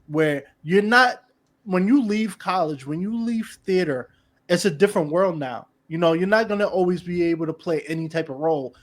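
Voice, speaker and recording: A man hosting a podcast, chatting casually and animatedly with his guest, often restarting his sentences. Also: a little high. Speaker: podcast host. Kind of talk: casual interview chat.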